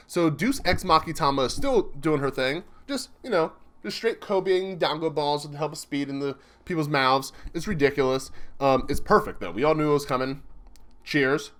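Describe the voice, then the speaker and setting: A young man excitedly commenting live as he reads a comic chapter, chatty and laughing often. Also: a little high, moderate pace. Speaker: streamer reacting to a manga chapter.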